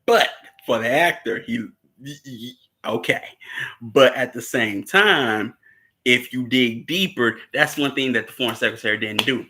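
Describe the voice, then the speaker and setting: A man's voice: medium pitch, a little slow, pushed and bright, poor audio. A man with a Southern US accent casually recapping and discussing a TV series, rambling with lots of fillers and frequent laughs. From United States. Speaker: show host. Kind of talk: casual movie recap and commentary.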